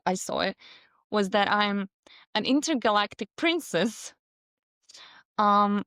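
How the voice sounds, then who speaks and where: A woman guesting on a podcast tells a story animatedly in casual conversation, laughing and voicing quotes. Her voice sits at medium pitch, and the sound is clean studio audio with no room sound.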